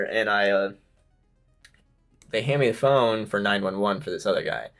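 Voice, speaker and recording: A man's voice: lowish voice, moderate pace, pauses often, fairly bright tone, faint music behind. A man in his twenties telling a long story as a podcast guest, rambling and laughing along. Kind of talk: casual storytelling.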